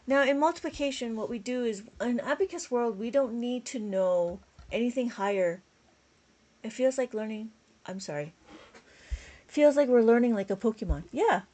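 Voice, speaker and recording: A woman's voice: fairly high pitch, expressive, normal speed, darkish tone. A tired woman with a school-age child, teaching an abacus math lesson on a live stream, chatty and laughing often as she counts steps aloud. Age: adult with a school-age child. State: tired, yawning.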